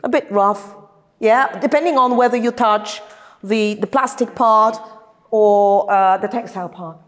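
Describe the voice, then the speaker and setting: A woman's voice: medium pitch, measured pace. A woman with a Polish accent, a professor giving an academic lecture at a seminar, thoughtful and searching for her words. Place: theater seminar room. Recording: long hall reverb.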